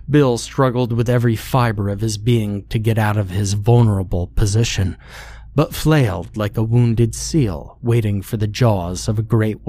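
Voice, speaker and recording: A man narrating a horror story in a slow, measured storytelling manner. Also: fairly low pitch, mellow.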